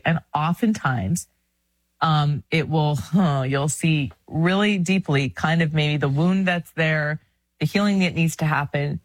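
A chatty woman in her thirties talks earnestly in a casual faith podcast. Her voice sits a little low for a woman and is recorded close and dry. She speaks with warmth of conviction, animated and quick to laugh. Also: no room sound. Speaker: podcast co-host.

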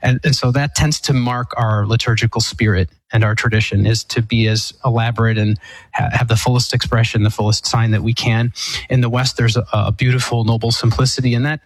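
A man's voice: mid-range voice, fairly even intonation, brisk, dry recording, rough recording. A man who is an Eastern Catholic priest, explaining church teaching on a call-in show with many restarts and fillers. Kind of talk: answering a caller's question.

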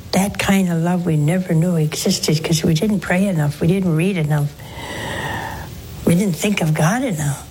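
An older woman hosting a religious call-in show, counseling a caller in a gentle, pleading, preacherly way. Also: fairly low pitch, a little hiss or hum. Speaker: religious TV host taking calls.

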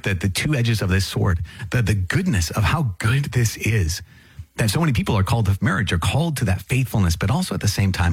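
Low husky-voiced priest, dry studio sound. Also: male voice, no room sound. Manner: enthusiastic, talks in quick restarts and repetitions. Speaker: priest and podcast host. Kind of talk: casual catechism teaching and prayer.

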